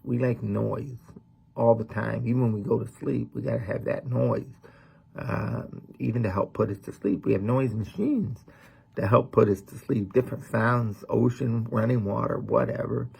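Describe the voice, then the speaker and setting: Man, middle-aged pastor, sermon, folksy conversational delivery, raspy, gravelly. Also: medium pitch, moderate pace, darkish tone. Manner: folksy, conversational preaching with many fillers.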